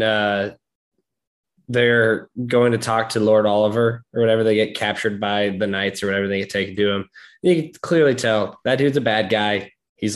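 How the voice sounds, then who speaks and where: Casual co-host, man, dry wry delivery, lots of deadpan quoted asides. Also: fairly low pitch. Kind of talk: casual movie chat.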